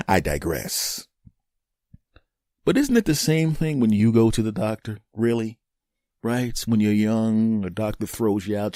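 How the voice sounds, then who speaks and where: Brief: male comic host, lowish voice, animated storytelling, dry close sound. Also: moderate pace, dry recording. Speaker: comedian host. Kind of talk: comic monologue.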